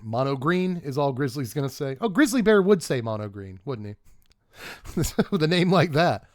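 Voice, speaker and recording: A man's voice: fairly high pitch, sing-song, normal speed, no echo, clean studio sound. A man doing a casual live-stream review of game cards, chatting and thinking aloud with rambling asides and restarts.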